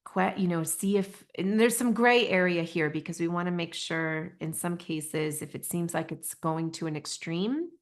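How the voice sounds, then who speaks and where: Woman, middle-aged, podcast host, gentle, earnest, slightly low pitch. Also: normal speed, hardly any pauses. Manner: gentle, earnest, many restarts. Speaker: podcast host, intuition teacher. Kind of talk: podcast talk.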